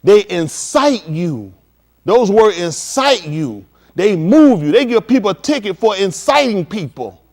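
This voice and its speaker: A man's voice: high voice, sing-song, a little slow, a little mellow. A man preaching at a livestreamed scripture teaching, emphatic and slangy, firing rhetorical questions at his listeners. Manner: slangy street talk.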